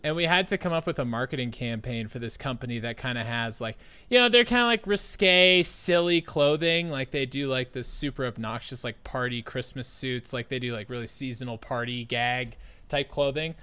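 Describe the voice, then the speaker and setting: A man in his late twenties telling a story in casual chat, animated and profane, with lots of "like" fillers. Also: medium pitch, moderate pace, clear, resonant tone.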